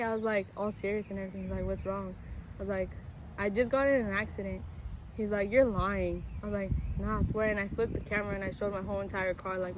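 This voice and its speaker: A woman's voice: medium pitch, noisy background. A young woman casually telling a personal story as co-host, chatty and full of fillers.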